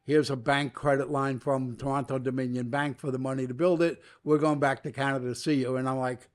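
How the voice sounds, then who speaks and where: A man's voice: mid-range voice, a little fast. An older man from New York, a guest in an interview, telling long stories and acting out the dialogue as he goes. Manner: animated storyteller acting out quoted dialogue. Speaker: guest, media entrepreneur. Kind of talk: storytelling interview.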